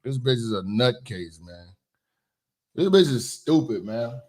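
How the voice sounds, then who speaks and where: A man hosting reaction commentary, ranting loudly and profanely, then dropping to a mutter. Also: mid-range voice, expressive, measured pace, over loud music. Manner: loud ranting, swings to muttering. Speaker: commentary host.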